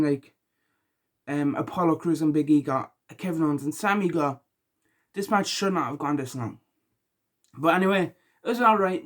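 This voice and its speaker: A tired man talking casually through his reactions, rambling with lots of ums and likes, and rising loud and high when he gets annoyed. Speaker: wrestling reaction vlogger. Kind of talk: casual spoken reaction vlog.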